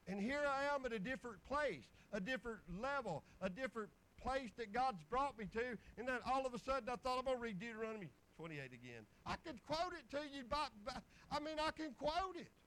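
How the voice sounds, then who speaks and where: A man's voice: extremely high pitch, fairly quick, few pauses, a bit bright, low-quality recording. A man preaching a folksy sermon, telling homespun stories and chuckling along the way.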